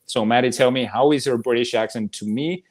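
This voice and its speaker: A man from the United States co-hosting a movie debate show, speaking in an animated, casual way, swearing freely and laughing often. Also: mid-range voice, brisk.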